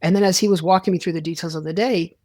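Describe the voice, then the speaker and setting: A man's voice: high-pitched, fairly even intonation, very fast, warm tone, no room sound. Guy sports psych rambling on, restarts a lot, does little voices for quotes, dead dry sound. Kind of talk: casual interview talk.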